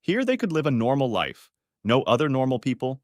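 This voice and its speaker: Male audiobook narrator, mid-range voice, measured delivery, dry close recording. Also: medium pitch, sing-song, no room sound. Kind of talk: scripted narration.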